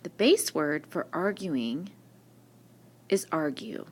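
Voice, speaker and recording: A woman's voice: low voice, animated, slightly rough. A woman teacher giving a recorded spelling lesson, patiently asking questions and answering them herself. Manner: slow, patient, asks and answers her own questions. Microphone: screen-recording mic.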